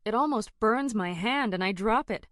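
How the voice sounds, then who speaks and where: A woman narrating a first-person fantasy audiobook in an expressive, dramatic way. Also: a little high, moderate pace, no room sound, clean studio sound.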